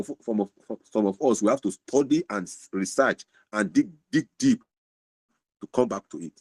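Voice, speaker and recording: A man's voice: mid-range voice, a little mellow, no echo, poor audio. A man speaking earnestly in an online podcast discussion, stumbling and restarting words as he makes his point. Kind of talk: casual discussion.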